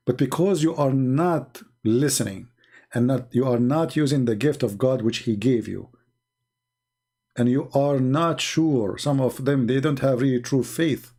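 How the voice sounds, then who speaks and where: Host, male, gravelly mid-pitched voice, animated storytelling with restarts. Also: measured pace. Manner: retells exchanges, acting out quotes in a raised voice; repeats words and restarts sentences. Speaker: live-stream host. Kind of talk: live-streamed debate talk.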